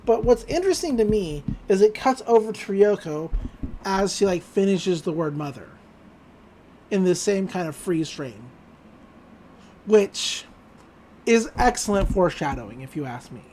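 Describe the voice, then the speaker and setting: A woman's voice: mid-range voice, expressive, unhurried, long pauses, warm tone, slight background noise. A young woman co-hosting a podcast, chatting casually and rambling through an episode recap. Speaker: podcast co-host.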